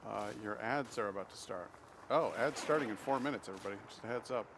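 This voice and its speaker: A man's voice: lowish voice, fast talker, background noise. A man streaming a video game live, telling rambling anecdotes and swearing freely at the game. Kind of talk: live gameplay commentary and storytelling.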